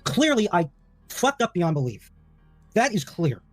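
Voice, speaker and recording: A man's voice: high-pitched, big pitch swings, unhurried, no echo, faint music behind. A man on a group voice call, heated and defensive, insisting on his honesty. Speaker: caller defending himself.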